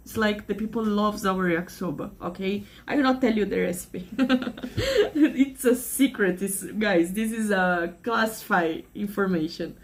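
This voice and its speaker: A Brazilian woman speaks to her channel in casual, earnest English with a clear Brazilian Portuguese accent. Her voice sits at an ordinary middle pitch. She rambles and restarts as she talks, open and emotional, like a native Portuguese speaker reaching for words. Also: unhurried. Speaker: vlogger. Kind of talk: casual vlog chat to camera.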